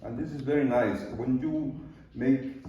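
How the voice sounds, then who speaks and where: An older man from Peru with a Peruvian Spanish accent, a native Spanish speaker, giving an unhurried live talk with loose grammar and frequent pauses. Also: mid-range voice, a little hiss or hum. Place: large art studio. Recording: very echoey room from far off, dull.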